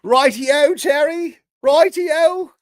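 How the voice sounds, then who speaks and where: A woman's voice: high-pitched, drawn-out words, no room sound, clean studio sound, pitched above the performer's own voice. A woman voicing a chirpy, posh English chap in an exaggerated mock-English accent, with a sing-song lilt.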